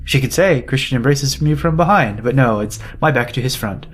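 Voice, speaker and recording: A woman's voice: very deep voice, lively intonation, brisk, breathy edge. A woman co-hosting a casual book podcast, analytical and self-deprecating, swearing casually as she picks apart the writing. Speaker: podcast co-host. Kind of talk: casual chat, book critique.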